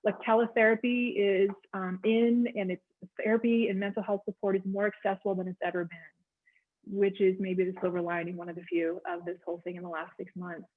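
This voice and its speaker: A woman's voice: medium pitch, flat delivery, a little fast. A woman counselor giving a conversational, encouraging wellness talk with frequent ums. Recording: tinny phone-like line.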